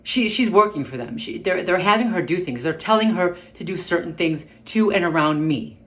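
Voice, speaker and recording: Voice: mid-range voice, lively intonation, moderate pace, fairly bright tone. A vlogger ranting to the camera in barely held-back anger, stumbling and restarting as they speak while they try to keep their temper. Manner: agitated, restrained anger, repeated restarts. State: upset, on the verge of an outburst. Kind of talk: angry personal rant to camera. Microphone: camera mic.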